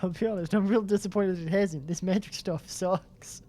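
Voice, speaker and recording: A man's voice: high voice, fairly even intonation, moderate pace, warm tone. A man playing a tabletop game, laid-back and slangy, often laughing as he talks. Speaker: player. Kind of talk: casual tabletop game chat. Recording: noisy mic with clicks.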